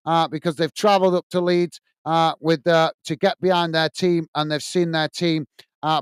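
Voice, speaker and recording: A man from England with a voice on the high side hosts a football watch-along, reading viewer comments in a casual, chummy way with lots of uhs and plenty of mates. The sound is clean and dry, with studio quality.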